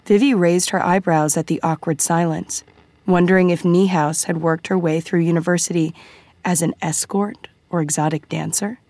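Low, dry-voiced woman for audiobook narration; measured and quietly suspenseful. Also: fairly even intonation, no echo.

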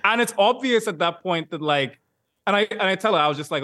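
Animated man chatting, dry close mic. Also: sits high, fast, no echo. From Bahamas. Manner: animated, filler-heavy, laughs easily. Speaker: podcast guest, YouTuber. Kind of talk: casual podcast chat.

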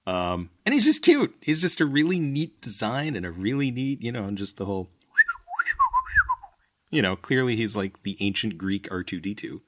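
A man's voice: medium pitch, sing-song, normal speed, hardly any pauses, slight background noise. A man on a casual panel, speaking fondly and with enthusiasm.

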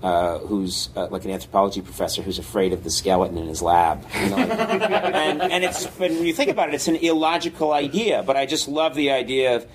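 A man, a comedy writer, in casual chat, telling rambling, animated stories with many fillers. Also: medium pitch, fairly quick, hardly any pauses, a little hiss or hum.

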